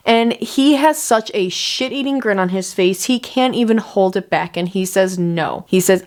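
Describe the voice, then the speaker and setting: A woman's voice: medium pitch, normal speed, few pauses, a little mellow. A woman recapping a reality show in a loose, chatty way, full of "like". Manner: chatty, loose, heavy use of "like". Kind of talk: casual recap chat.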